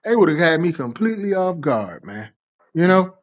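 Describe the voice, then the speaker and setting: Animated slangy man telling stories. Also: a little high, normal speed, lo-fi sound. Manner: animated, swears freely, slangy. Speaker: storyteller. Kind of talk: casual anecdotal storytelling.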